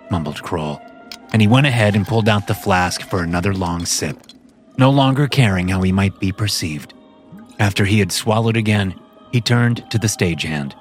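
A man giving scripted audiobook narration in a measured storytelling manner. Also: deep voice. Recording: narration with music bed. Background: music.

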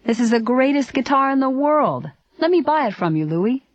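A woman's voice: medium pitch, lively intonation, fairly quick, a little mellow, dry recording, dull audio, voice pushed up, close to an everyday voice. A woman voicing an enthusiastic, friendly young guitarist in a story reading. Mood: excited. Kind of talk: storybook character voice.

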